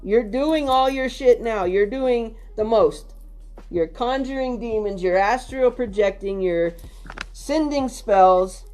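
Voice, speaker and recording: A woman with a dark, mellow voice scolds her critics and will not back down. Faint music sits underneath. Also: a little high, takes it slowly. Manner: scolding, defiant. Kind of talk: heated livestream rant.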